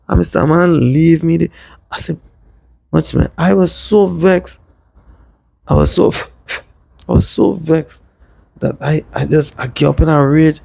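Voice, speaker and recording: A man from Trinidad with a Trinidadian accent, casually telling a rambling personal story in lively dialect. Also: a little high, a little slow, creaky, pauses often, no echo. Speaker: vlogger.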